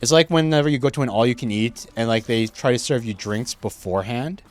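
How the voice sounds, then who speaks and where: A man's voice: mid-range voice, fairly quick. Rambling man streamer chatting while gaming. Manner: rambling, many fillers and restarts; laughs easily, gets excited at game moments. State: chewing food while talking. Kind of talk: casual chat while playing a game. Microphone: streaming microphone.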